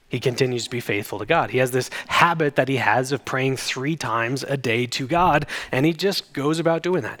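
A man's voice: on the high side, a bit bright. A man, a pastor, gives a conversational sermon, retelling a scripture story and reading it aloud. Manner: conversational storytelling with dramatic quoted voices.

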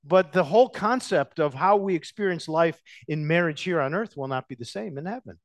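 A pastor delivers an expository sermon with animated emphasis, hitting sudden loud stresses and stretching certain words out slowly. His voice sits a little high, and the recording is dry.

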